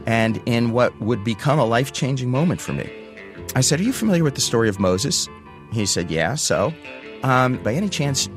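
A man in his sixties telling a personal story, animated and acting out the voices of the people in it. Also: medium pitch.

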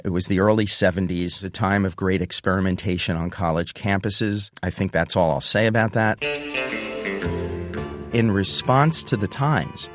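Older man telling his story over guitar. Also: on the low side. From United States. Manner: animated, acts out quoted voices. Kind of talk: first-person storytelling. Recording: guitar music underneath.

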